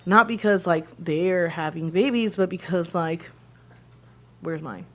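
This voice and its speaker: A woman's voice: lowish voice, measured pace. A woman in her thirties co-hosting a podcast, talking in a rambling, emotional way with many fillers while holding back tears. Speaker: podcast co-host. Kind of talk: casual heartfelt conversation.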